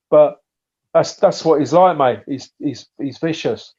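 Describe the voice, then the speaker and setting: A man's voice: fairly high pitch, takes it slowly, darkish tone, breathy edge. A man from England, a guest on a podcast, chatting casually and telling anecdotes, full of swearing and restarts. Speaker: podcast guest, bait maker. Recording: dull lo-fi sound.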